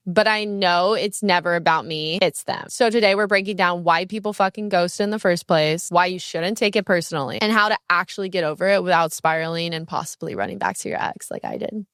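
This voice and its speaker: A young woman hosts her own podcast, chatting in a brash, candid and profane way, her pitch swinging up and down as she tells a story. Her voice is smooth and full, and it is recorded close and dry, with no room sound. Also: a bit bright, no room sound. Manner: swinging pitch and bursts of speed. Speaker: podcast host. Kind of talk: casual solo podcast chat.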